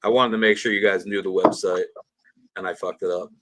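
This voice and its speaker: A man's voice: low-pitched, steady tone, brisk, fairly bright tone. A man hosting a casual livestream, friendly and easygoing, taking questions from viewers. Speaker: livestream host.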